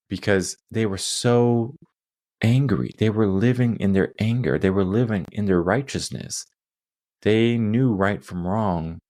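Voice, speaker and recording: Deep-voiced earnest male coach. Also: darkish tone, no echo, clean studio sound. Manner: earnest storytelling with frequent asides. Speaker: coaching podcast host. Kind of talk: solo coaching monologue.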